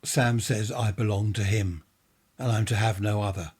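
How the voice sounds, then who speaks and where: A man's voice: on the low side, fairly even intonation, moderate pace, a little mellow, breathy edge. A man reading a ghost story, voicing a frightened, tearful young woman who pleads through sobs. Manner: sobbing, pleading. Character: frightened teenage girl, tearful and desperate.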